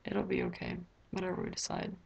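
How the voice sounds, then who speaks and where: A woman's voice: brisk, darkish tone, lo-fi sound. A teenage girl recording a casual video diary in her bedroom, rambling with lots of filler words. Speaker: vlogger.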